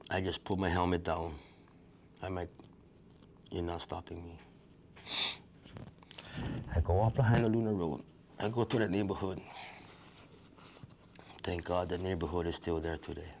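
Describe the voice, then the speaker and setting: A man's voice: low-pitched, a little mellow, a little hiss or hum. A middle-aged man, telling a survivor's story in a vivid present-tense retelling that acts out what people said. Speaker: wildfire survivor. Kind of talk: personal storytelling.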